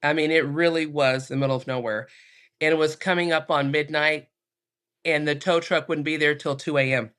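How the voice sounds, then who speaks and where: A woman, a minister and podcast guest, calmly telling a personal story with frequent fillers. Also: low-pitched, normal speed. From United States.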